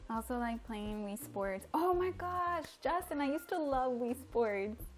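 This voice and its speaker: Young woman, from mexico, higher voice, chatty, giggly, cooking at home, live stream. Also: expressive, unhurried. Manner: chatty, giggly, reads and answers viewer comments. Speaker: livestream host. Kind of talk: casual live-stream chat while cooking. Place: home kitchen.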